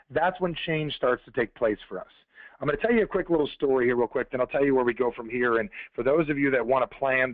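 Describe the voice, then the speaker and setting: Fast-talking man on a tinny phone line. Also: medium pitch, dry recording. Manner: fast, conversational, addressing listeners directly. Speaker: motivational speaker. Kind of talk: motivational storytelling on a conference call.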